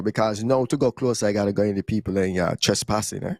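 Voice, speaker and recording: A young man casually telling stories on a podcast, in relaxed creole-tinged English. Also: fairly low pitch, fast, dry recording. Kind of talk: casual storytelling chat.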